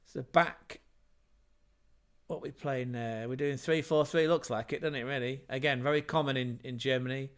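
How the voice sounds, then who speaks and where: A man's voice: mid-range voice, fairly even intonation, moderate pace, fairly bright tone, smooth. A man hosting a casual football livestream, chatty and rambling, with self-mocking asides. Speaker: football podcast host.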